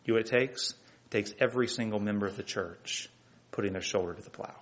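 A man's voice: on the low side, fast. A man preaching a fervent sermon, firing rhetorical questions at the congregation. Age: adult with children. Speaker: pastor.

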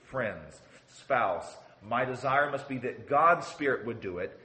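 A man's voice: mid-range voice, a bit bright, slight background noise. A man preaching a sermon in an earnest teaching manner, often repeating words as he builds a point and checking in with "okay". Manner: often says "okay" as a signpost.

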